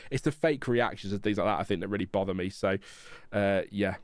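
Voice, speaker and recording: Hosting a casual live watchalong, a man chats frankly and rambles with fillers. His voice is on the low side and a little fast, captured in a dry, studio-quality recording.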